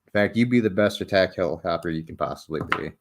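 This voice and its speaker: Young male streamer, low voice, loose and profane, self-mocking humor, late-night chat at home. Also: fast, noisy background. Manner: joking, self-mocking, swears freely, laughs often. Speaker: livestreamer building a model ship.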